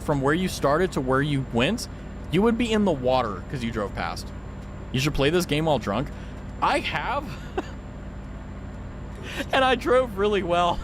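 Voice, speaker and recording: A man's voice: a little high, background noise. A man streaming a trucking game, chatting to his viewers, laughing and yelping when things go wrong. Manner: excitable, laughing, yelps at glitches, talks to chat. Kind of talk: casual game stream chat.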